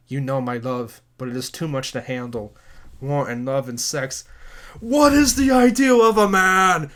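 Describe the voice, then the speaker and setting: A man's voice: a little high, fairly bright tone, pitched above the performer's own voice. A man hamming up an overwrought young fanfic hero. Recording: music playing behind.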